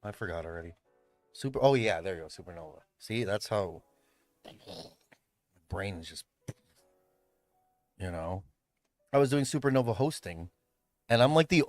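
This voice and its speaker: A livestreamer and event host chats casually from his room at home, rambling, swearing, and laughing often. His voice is fairly low, captured on a streaming mic with no echo.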